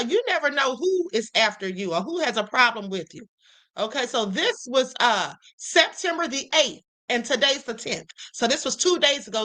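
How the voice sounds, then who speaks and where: A woman's voice: on the high side, sharp tone, low-quality recording. A woman hosting a livestream show, talking casually and sassily, calling her viewers honey and y'all. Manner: sassy, chatty, calls viewers honey and y'all.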